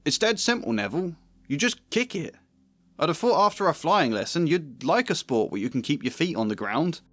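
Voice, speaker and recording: A man's voice: fairly high pitch, big pitch swings, fairly quick, fairly bright tone, no room sound, voice pushed up. A British man voicing a cheerful schoolboy breezily explaining football. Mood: breezy.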